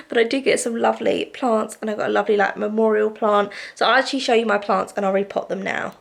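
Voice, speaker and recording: A woman's voice: medium pitch, fairly even intonation, quick pace, vocal fry, hardly any pauses. A woman talking casually to camera in a vlog, shaken and a little tearful, chatting with lots of fillers. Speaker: vlogger.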